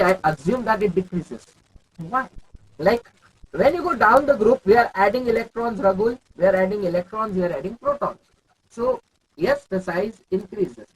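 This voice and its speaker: Husky Indian-accented chemistry teacher quizzing students. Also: male voice, high-pitched, poor audio. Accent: Indian English. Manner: questioning, calls on students by name, repeats questions. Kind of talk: live online class teaching.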